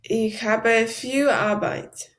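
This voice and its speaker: Slow, careful woman learner. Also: fairly high pitch, fairly even intonation. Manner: hesitant, repeats words carefully. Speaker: language learner. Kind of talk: language lesson practice.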